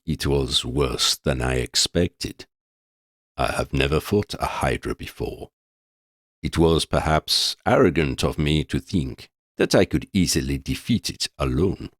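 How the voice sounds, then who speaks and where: A man voicing a male professor who can take a beast's shape, with a deep, sepulchral voice, a hint of an Italian accent and measured, formal courtesy. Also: animated, no room sound, clean studio sound, heavily acted. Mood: solemn.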